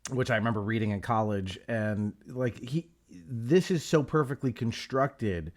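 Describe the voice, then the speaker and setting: A man's voice: medium pitch, measured pace. Reflective male podcast host. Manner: reflective, enthusiastic, frequent "like" fillers. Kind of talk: casual chat.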